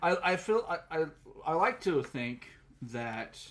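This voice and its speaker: A man's voice: on the high side, big pitch swings, measured pace, fairly bright tone. A man co-hosting a podcast, chatting casually and rambling with frequent laughs while he acts out scenes. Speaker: podcast co-host. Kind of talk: casual chat recapping an anime.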